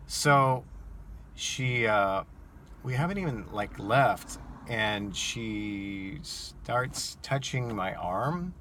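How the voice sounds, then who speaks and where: Bright-voiced man telling a rideshare story. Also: mid-range voice, extremely slow, slight background noise. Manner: animated, incredulous retelling. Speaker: rideshare driver. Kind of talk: casual storytelling vlog.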